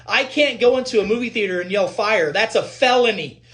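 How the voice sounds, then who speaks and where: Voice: mid-range voice, brisk, fairly bright tone, slight background noise. A physician giving a heated, blunt and profane rant to viewers, repeating points for emphasis.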